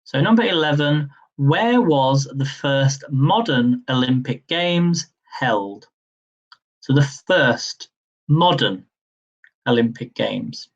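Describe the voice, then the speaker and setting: A young man hosting a live-streamed quiz, reading each question slowly, repeating it, and adding chatty asides. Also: mid-range voice, animated, highs cut off. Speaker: quiz host.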